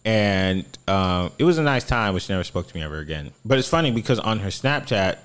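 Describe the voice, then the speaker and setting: Low-voiced man telling dating stories. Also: brisk, clear, resonant tone. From South Florida. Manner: animated, acts out quotes in shifting voices. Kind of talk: casual storytelling chat.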